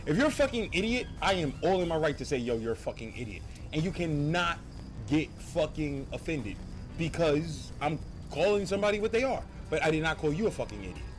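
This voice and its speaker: A man streaming a game, talking in animated, profane, rambling banter. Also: a little high, a little fast. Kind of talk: casual gaming stream talk. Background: faint game music.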